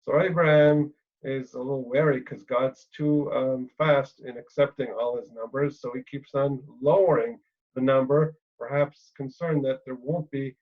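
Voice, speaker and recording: A man's voice: medium pitch, fairly even intonation, narrow, tinny audio. Man giving a thoughtful Bible lecture. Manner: thoughtful, many pauses and fillers, checking in with "right?".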